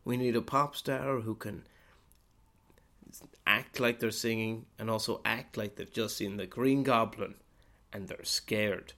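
Man doing scheming producers, hushed, conspiratorial, lowish voice. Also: steady tone, a little slow. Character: scheming male film producers pitching an idea.

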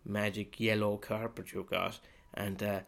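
Man doing a cocky priest brawler, taunting, swaggering, lowish voice. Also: level tone, measured pace, creaky, fairly bright tone.

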